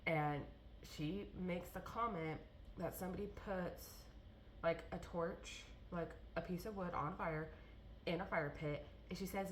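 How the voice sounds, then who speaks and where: A woman's voice: lowish voice, unhurried, slight background noise. A young woman vlogging about her day in a rambling, chatty way, with lots of fillers and restarts. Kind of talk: casual vlog chat.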